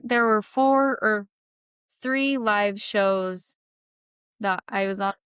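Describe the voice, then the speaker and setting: A young woman appears as a guest on an interview show, casually sharing a personal story of loss and saying "like" constantly, quoting herself in a higher voice. Her voice is smooth and fairly bright, recorded with studio quality and no echo.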